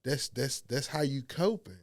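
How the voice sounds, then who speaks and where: A man in a conversation, speaking in a measured way and repeating words as he builds his point. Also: medium pitch, dry recording, studio quality. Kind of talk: conversational discussion.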